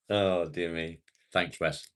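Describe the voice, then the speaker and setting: Low-pitched and a bit bright, the voice belongs to a British live streamer from England. He chats and rambles casually to his viewers, with the occasional swear word.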